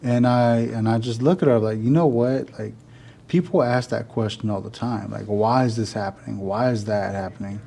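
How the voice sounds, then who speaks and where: A man's voice: fairly low pitch, moderate pace, creaky. A man, telling a rambling story to his vlog audience in a casual way, full of "like" and "you know". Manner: rambling, filler-heavy, animated when retelling. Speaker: vlogger.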